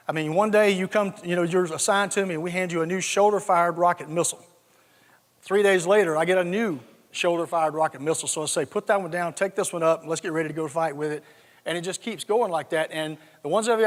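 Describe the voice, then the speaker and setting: A folksy older man from South Georgia speaks with a Southern accent and a fairly high voice. He tells funny stories to an audience. A long reverb rings around him in a big conference hall. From South Georgia, USA. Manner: folksy, humorous storyteller. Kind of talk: storytelling keynote with jokes.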